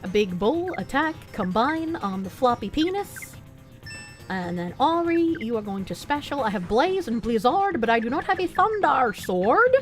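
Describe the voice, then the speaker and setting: High, lively-voiced woman streamer. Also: moderate pace, faint music behind. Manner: animated, swearing, joking with chat, frequent laughs. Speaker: game streamer. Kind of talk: casual live-stream gameplay chat.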